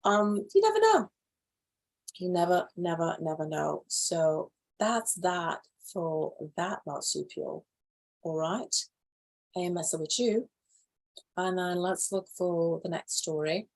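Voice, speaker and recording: A woman hosting a live animal news show, reading stories aloud and reacting to them in casual, animated commentary. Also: lowish voice, takes it slowly. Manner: animated, reacts loudly then drops to quiet asides.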